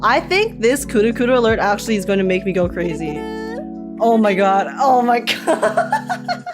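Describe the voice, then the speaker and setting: A woman game streamer chatting live with her viewers, bubbly and excitable and quick to laugh. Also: medium pitch. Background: background music.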